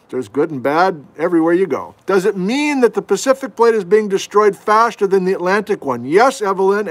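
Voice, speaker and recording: A middle-aged man with a fairly high voice talks through a relaxed geology lesson streamed from his house. He chats easily and folksily, and he pokes fun at himself as he answers viewers. It sounds like a webcam or desk mic in a home room. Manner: chatty, folksy, self-deprecating asides. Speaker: geology instructor hosting a livestream. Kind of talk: casual livestream lesson answering viewer questions. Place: at home, indoors.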